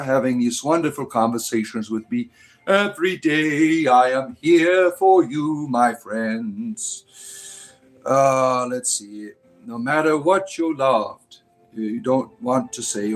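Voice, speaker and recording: Rambling male livestream host, faint music. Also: mid-range voice. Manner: rambling, full of fillers and "right?"; playfully sarcastic with chat. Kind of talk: casual livestream chat with viewers.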